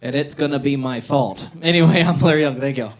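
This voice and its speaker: A man's voice: mid-range voice, fairly quick. A man telling a rambling stand-up story, full of fillers, on a bar stage. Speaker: stand-up comedian. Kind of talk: stand-up comedy set. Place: comedy bar stage, live audience.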